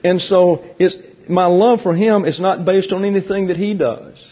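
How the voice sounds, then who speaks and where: A man leading a Bible class, teaching in a teasing, conversational way and explaining points slowly to a room of listeners. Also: high-pitched, fairly even intonation. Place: church classroom with an audience. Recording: dull lo-fi recording.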